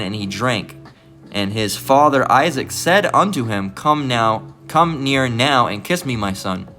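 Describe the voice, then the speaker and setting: A man's voice: on the low side, bright, forceful tone. A man preaching, reading archaic scripture aloud with stumbles and rereads, then breaking in with blunt asides that he caps with "all right?". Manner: peppers remarks with "all right?". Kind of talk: Bible reading with commentary.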